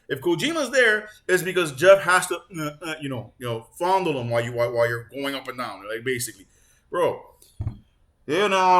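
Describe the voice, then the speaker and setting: Animated, profane man ranting about games. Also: mid-range voice, moderate pace. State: stuffed up. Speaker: gaming channel host. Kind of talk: casual on-camera rant.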